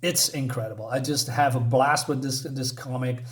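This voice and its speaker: A man chats his way through a comic book review in a loose, casual manner. He rambles, stacking up fillers and restarting his sentences. His voice sits at an everyday middle pitch. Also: fairly even intonation, moderate pace.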